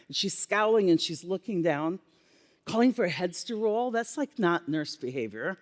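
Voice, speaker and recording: A woman giving a keynote on stage, telling a workplace story with lively acted-out dialogue. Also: on the low side, moderate pace. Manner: animated storyteller acting out dialogue. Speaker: keynote speaker, former healthcare leader. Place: conference stage. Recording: long reverb of a conference hall.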